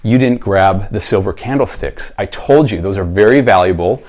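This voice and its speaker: A merciful elderly bishop, as a preacher acts him out speaks in a soft, lowered voice. His tone is gentle and forgiving, and his words come low and unhurried. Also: lightly acted. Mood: earnest.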